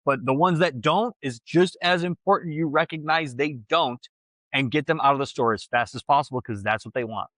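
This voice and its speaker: A man co-hosting a podcast, chatting casually and telling stories with lively quoted voices. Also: fairly quick, no room sound. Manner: animated storyteller, jumps pitch when quoting people. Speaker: podcast co-host. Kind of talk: casual chat.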